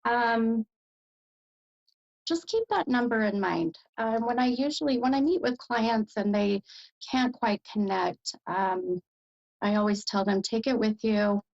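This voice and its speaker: An American woman with a gravelly, fry-tinged voice gives a psychic medium reading, full of ums and pauses. The sound is dull and lo-fi. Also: on the high side. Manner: hesitant, lots of fillers, animated bursts of delight.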